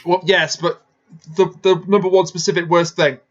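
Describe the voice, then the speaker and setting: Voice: mid-range voice, flat delivery, moderate pace. A podcast host in casual chat, laying out arguments step by step while reviewing an episode. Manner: explanatory, lays out arguments step by step. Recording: slightly dull, lo-fi mic.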